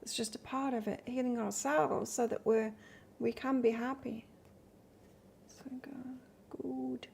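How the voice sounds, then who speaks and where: A woman from England runs a live tarot reading, her fairly high voice carrying a gravelly, fry-laden texture. She chats casually between cards, upbeat and conversational, with a faint hum of noise behind her. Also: fairly even intonation, unhurried, a little mellow. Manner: chatty and upbeat, reads out cards and answers comments. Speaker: tarot reader. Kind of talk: live-stream tarot reading with viewer chat.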